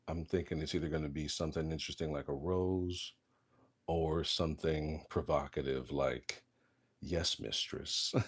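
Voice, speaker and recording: A man's voice: very deep voice, slightly rough. A man chatting casually and jokingly while working on leather crafts. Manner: joking, rambling, self-deprecating. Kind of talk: casual workshop chat.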